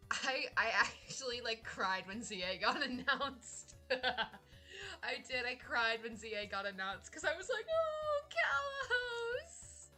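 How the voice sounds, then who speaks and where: A young woman streaming, chatting casually in an excitable, rambling way with lots of laughter. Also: on the high side, unhurried, faint music behind. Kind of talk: casual live-stream chat.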